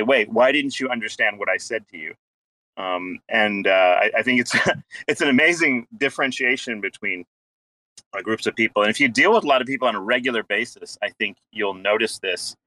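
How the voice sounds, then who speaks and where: A man in a casual online voice chat, speaking reflectively and pausing on fillers as he thinks. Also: mid-range voice, sharp tone, no echo, rough recording. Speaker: Twitter space speaker.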